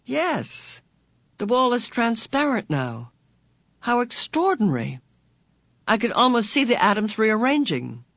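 A narrator voicing a gentle, tender middle-aged father who is a scientist, in an audiobook. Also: mid-range voice, huge pitch swings, a little slow, no echo, pitched above the performer's own voice, heavily acted. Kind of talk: audiobook character voice.

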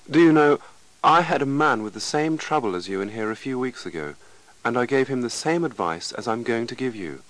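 A man's voice: mid-range voice, pitched above the performer's own voice, natural voice, low-quality recording. A man voicing a hearty, chatty doctor. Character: chatty, confident male doctor telling a story. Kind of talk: scripted story reading for learners.

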